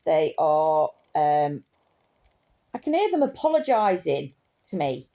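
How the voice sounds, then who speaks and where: A woman's voice: mid-range voice, very animated, slow, long pauses, mellow. A woman telling a story in a casual, impassioned way, indignant and rambling with restarts.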